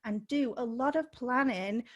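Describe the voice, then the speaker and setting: A fairly high-voiced woman speaks off the cuff as a podcast guest. She coaches business owners and sounds upbeat. She laughs between points and leans hard on the words she wants to stress. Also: a little slow. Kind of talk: unscripted podcast interview.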